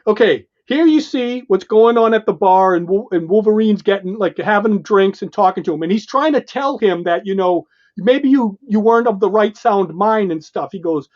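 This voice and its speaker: Excited man retelling comic panels, lo-fi. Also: sits high. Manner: excited, retells panels and acts out the dialogue in quick bits. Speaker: podcast co-host. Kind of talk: casual comic book chat.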